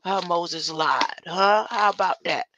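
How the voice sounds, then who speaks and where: Older speaker, solo rambling talk, slow and gravelly, bright edge, reads verses and argues back. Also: medium pitch, lo-fi sound. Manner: laughs often and keeps asking "huh?"; reads verses aloud then argues with them. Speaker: self-styled scripture commentator.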